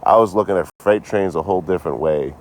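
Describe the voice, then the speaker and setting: In a low voice at a quick pace, with slight background noise, a tipsy man chats casually on a phone livestream. He curses a lot, rambles, and swaps sarcastic jokes with his viewers.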